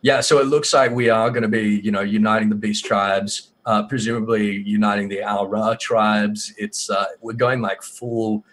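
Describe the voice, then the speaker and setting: A man chatting as a guest on a gaming podcast, excitable and casual, swearing freely and filling pauses with ums. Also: fairly low pitch, a little hiss or hum. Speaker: guest lore expert.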